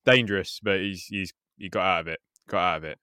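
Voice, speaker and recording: Man, casual sweary skate video co-host, excitable, dry close sound. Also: sits low, a little fast, clear, resonant tone, dry recording. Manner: excitable, swears freely, says "mate" often. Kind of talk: casual reaction commentary.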